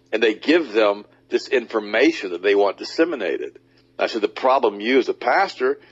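A man hosting a talk radio show, speaking emphatically and mocking others in high put-on voices. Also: slightly rough. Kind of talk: animated talk radio monologue. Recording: dull lo-fi audio.

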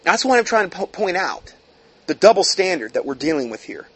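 Here a man with a high, husky, slightly bright voice speaks fairly quickly and very animatedly. He reads from a news article but keeps interrupting himself with heated, mocking remarks, stumbling through many fillers and restarts.

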